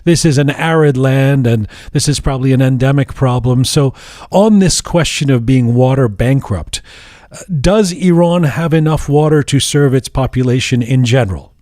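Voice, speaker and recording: A man hosts a podcast interview in an earnest, measured way. His voice sits in a middle pitch, and it is recorded dry and close with no room sound. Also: darkish tone, no room sound. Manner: measured, earnest, with some restarts when speaking off script. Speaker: podcast host. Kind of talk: scripted introduction then interview.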